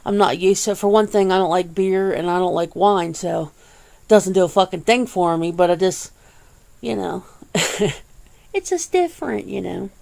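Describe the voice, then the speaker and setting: A woman hosting a casual, soft-spoken ASMR chat, rambling along with easy swearing and frequent laughs, close to the mic. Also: fairly low pitch, steady tone, moderate pace, creaky. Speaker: ASMR channel host.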